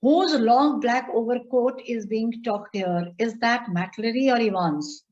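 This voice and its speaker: Indian english lady teacher, reads then explains, real slow, kinda muffled online class audio. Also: a little high, a little mellow. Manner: reads a passage, then paraphrases it slowly and quizzes students. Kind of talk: online class lesson, reading and explaining a story. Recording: dull, lo-fi audio.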